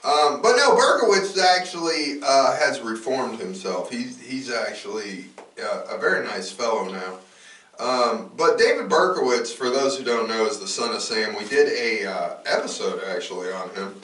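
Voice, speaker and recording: A man's voice: medium pitch, expressive, normal speed, a bit bright, recorded from a distance. Male podcast host, casual and rambling, heard a bit off-mic in a roomy space. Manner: loose and rambling, frequent fillers and restarts.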